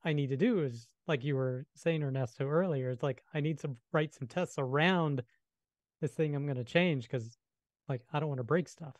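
A man's voice: a little high, normal speed, no echo. A man on a podcast explaining his own coding habits in an easygoing, step-by-step way. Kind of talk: casual technical chat.

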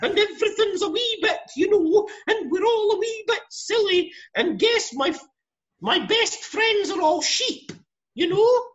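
A man voicing a silly old-film Scotsman in a mock Scottish accent, high and sing-song. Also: animated, measured pace, a bit bright, full character voice. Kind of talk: podcast chat. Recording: dull lo-fi sound.

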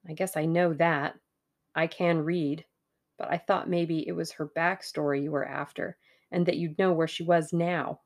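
A woman reading aloud and voicing a pugnacious American man in his thirties who speaks bluntly and brashly, with a gravelly edge. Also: low voice, fairly even intonation, normal speed.

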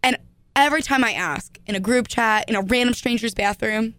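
A woman's voice: on the high side, a little fast, fairly bright tone, dry recording. A young woman in her twenties hosting a casual podcast, rambling with many fillers and restarts. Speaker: podcast host.

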